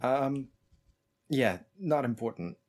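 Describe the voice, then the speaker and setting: A man's voice: mid-range voice, animated, slow pace, darkish tone. A man playing in a tabletop game, talking in a wry, polite way with fillers. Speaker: player. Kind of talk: casual tabletop role-play.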